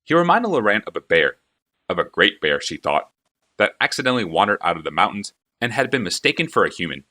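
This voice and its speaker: Low voiced guy reading an audiobook, lively storytelling, crisp bright tone. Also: brisk. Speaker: narrator.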